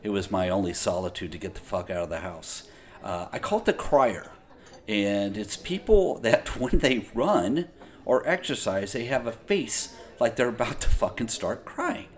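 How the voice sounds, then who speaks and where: A man hosting a podcast delivers a casual, profane monologue packed with exasperated gripes, ranting and storytelling. His voice is lowish with lively intonation at a normal speed.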